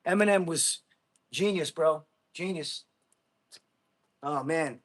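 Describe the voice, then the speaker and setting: Speaking slowly in a fairly high voice, a thirty-something Marine veteran from Jersey City, USA, rambles cheerfully on his livestream. He hops from subject to subject, laughs a lot, and keeps addressing the chat with questions.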